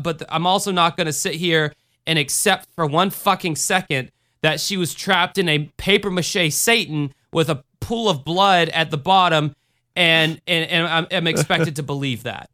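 A young man talks through a book review in loose, profane, rambling chat, dropping into stories along the way. His voice sits a bit high and comes across bright. It is clear and ringing. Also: normal speed. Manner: rambling, profane, animated storytelling. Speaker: podcast co-host reviewing a book. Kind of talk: casual chat.

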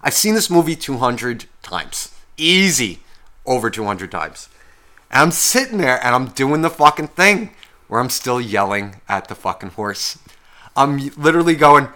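A man's voice: mid-range voice, lively intonation, normal speed, bright, forceful tone. A young man co-hosting a podcast, telling a long story in a heated, swearing casual rant. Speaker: podcast co-host.

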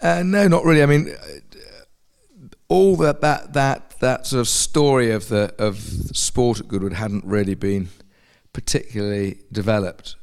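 A man answering interview questions, halting and repeating words as he searches for the phrasing. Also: on the low side, creaky, darkish tone. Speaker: podcast guest.

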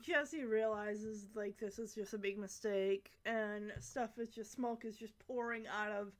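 A woman's voice: medium pitch, fairly even intonation, measured pace. A young woman recapping a sitcom episode in casual, rambling chat with giggly asides.

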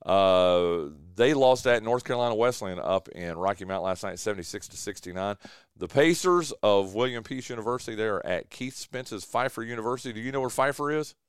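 A man's voice: lowish voice, a little fast, smooth, no echo. A man hosting a casual sports radio show from a studio, chatty and full of fillers, often saying "dude.". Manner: chatty, filler-heavy, says "dude" a lot. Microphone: studio mic.

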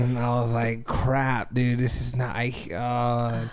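A man co-hosting a podcast, telling a personal story with lively acted-out dialogue and frequent laughter. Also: medium pitch, takes it slowly, clean tone, faint music behind. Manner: animated storyteller, acts out dialogue, laughs often. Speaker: podcast co-host. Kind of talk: casual chat.

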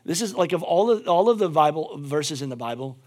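A man preaching a sermon as pastor, moving between shouted fervor and quiet, intimate appeals, with phrases repeated for emphasis. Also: a little high, lively intonation, a little fast, husky.

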